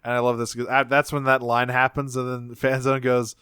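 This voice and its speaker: A man in a relaxed podcast chat, his mid-pitched voice smooth and resonant. He rambles through a cartoon recap with plenty of ums and casual swearing. The sound is close and dry, with no room around it. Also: brisk, no echo. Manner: laid-back, swears freely, many fillers, acts out lines. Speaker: podcast co-host.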